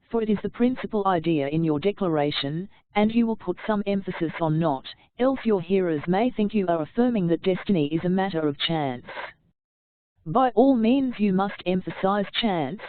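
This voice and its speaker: A woman reading an instructional audiobook aloud in a steady, measured delivery. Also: medium pitch, no room sound. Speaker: audiobook narrator. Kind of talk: scripted audiobook narration. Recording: tinny phone-like narrow sound.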